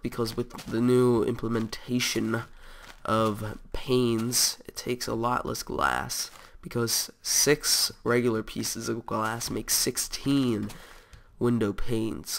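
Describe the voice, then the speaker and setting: A man hosting gameplay commentary sounds congested and nasal, his mid-range voice a bit bright. Sick with a cold, he chats and rambles easily, with a little hiss or hum on the recording.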